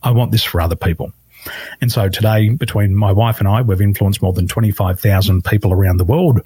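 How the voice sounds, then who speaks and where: A man, a life coach guest on a podcast interview, telling stories with lively emphasis and acting out the people he quotes. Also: on the low side, fairly quick, breathy edge, no room sound. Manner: animated storyteller acting out quoted voices.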